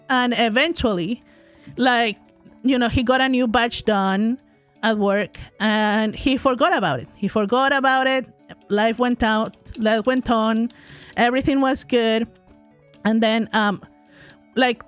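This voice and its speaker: A woman in her forties telling a long story to her chat while gaming, animated and exaggerated, full of asides and repeated phrases. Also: fairly high pitch. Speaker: streamer.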